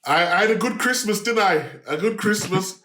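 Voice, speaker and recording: Man in his thirties, podcast co-host, lively and laughing, fairly high voice. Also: moderate pace, reverberant, over a noisy crowd. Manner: lively, laughing, animated storyteller. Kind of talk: casual football podcast chat.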